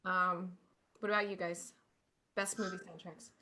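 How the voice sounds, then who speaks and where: A woman's voice: lowish voice, level tone, unhurried, crowd noise. A woman from Ohio hosting a podcast, chatting casually and making jokes. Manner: joking, playful. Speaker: podcast host. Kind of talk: casual chat.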